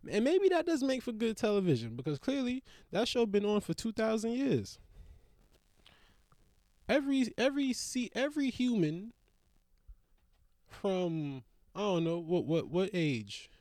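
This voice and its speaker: A young man riffing in a casual comedic monologue, rambling and profane, with big jumps up in pitch when he gets worked up. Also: warm tone, no echo, clean studio sound. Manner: trails off into mutters.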